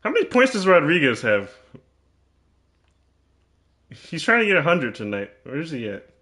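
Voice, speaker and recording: Lively, bright-voiced teasing man. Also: fairly high pitch, moderate pace. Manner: trash-talking, teasing, repeats himself. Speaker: gamer commentating his own play. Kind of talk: mock-serious gameplay commentary.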